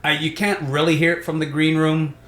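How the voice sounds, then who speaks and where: A man's voice: fairly high pitch, flat delivery, fairly bright tone, echoey room. A young adult man from Saskatchewan, Canada, a stand-up comedian telling rambling stories in casual podcast chat. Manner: rambling storytelling, does quick voices.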